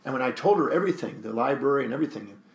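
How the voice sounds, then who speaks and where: A man's voice: mid-range voice, animated, rapid-fire, roomy sound, a little hiss or hum. A man, a guest speaker and author, telling a story in an interview and acting out the dialogue with animation.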